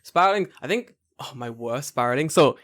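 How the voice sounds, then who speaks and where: Animated fast-talking young man. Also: mid-range voice, no room sound. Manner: animated storyteller, swears freely, acts out voices. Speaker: podcast host. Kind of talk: casual podcast chat.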